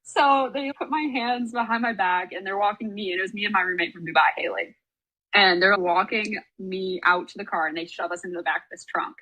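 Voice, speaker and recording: Husky young woman telling a story. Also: medium pitch, fairly quick, dull audio. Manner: animated, swearing, acts out quoted voices, frequent "like". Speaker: guest, former college soccer player. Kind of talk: casual podcast storytelling.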